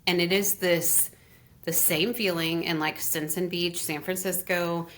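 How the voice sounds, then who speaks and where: A middle-aged woman telling a story as an interview guest, gushing and animated, with lots of fillers. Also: on the low side, measured pace. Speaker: guest, Reiki teacher.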